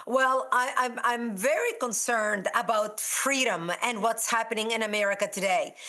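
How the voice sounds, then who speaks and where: A woman's voice: a little high, moderate pace, sharp tone. A woman from Lebanon, a guest on a talk show, speaking emphatically in an interview.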